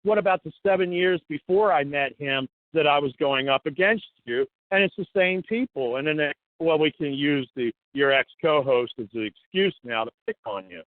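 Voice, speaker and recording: A man's voice: fairly high pitch, normal speed, hardly any pauses, no echo. Guest voice: rambling, profane man, dry phone-line audio. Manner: rambling, swears, acts out officials' lines. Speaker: guest, citizen journalist. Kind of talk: casual talk-show chat.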